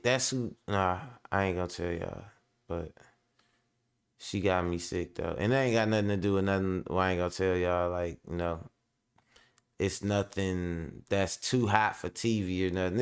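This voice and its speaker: A man's voice: deep voice, normal speed, smooth. A man hosting a casual live stream, talking in a loose, rambling, slangy way and laughing often, a little under the weather. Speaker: host of a commentary stream.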